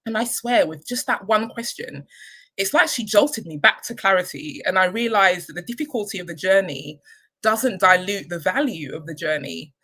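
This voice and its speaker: A woman, a charity leader, giving a candid, reflective personal talk with frequent pauses and ums. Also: medium pitch, lively intonation, sharp tone, husky, poor audio. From United Kingdom. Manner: candid and reflective, many ums, emotional at times. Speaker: charity chief executive.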